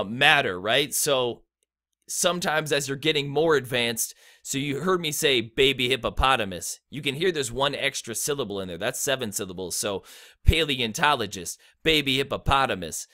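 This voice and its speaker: Bright-voiced man teaching rap rhymes. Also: medium pitch. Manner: relaxed, many fillers like um and right. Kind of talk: casual tutorial explanation.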